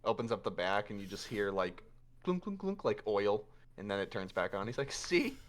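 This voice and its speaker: A man's voice: fairly low pitch, sing-song, fairly quick. A man narrating as game master in a casual, loose storytelling manner.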